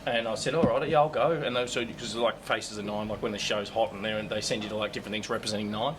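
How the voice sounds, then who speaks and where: A man telling crude, animated stories in casual chat, swearing often. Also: fairly low pitch, fast, background noise. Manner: animated, swearing often, bursts of loud laughter. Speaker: comedian guest. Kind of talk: casual storytelling.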